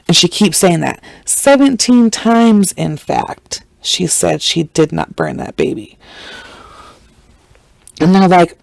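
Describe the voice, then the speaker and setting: A woman tells a true-crime story in loose, irreverent podcast chat. She slips into the voices of the people she quotes. Her voice sits at a middling pitch and is recorded close and dry. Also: expressive, measured pace, vocal fry, a little mellow, dry recording, poor audio. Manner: chatty, acts out quotes with shifting pitch; blunt and irreverent. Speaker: podcast host.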